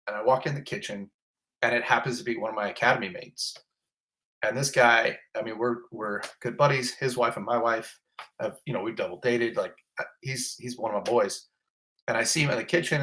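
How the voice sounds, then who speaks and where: A middle-aged man, a fire captain, telling a story in a casual interview, animated and self-mocking as he acts out what people said. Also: mid-range voice.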